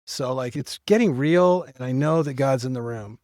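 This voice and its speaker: A middle-aged man recounts his life in an earnest, conversational way. His voice sits in an ordinary middle pitch. The sound is close and dry, with no room around it. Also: moderate pace, a little mellow, dry recording. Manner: earnest storytelling with quoted dialogue. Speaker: podcast guest. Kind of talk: personal testimony in casual talk.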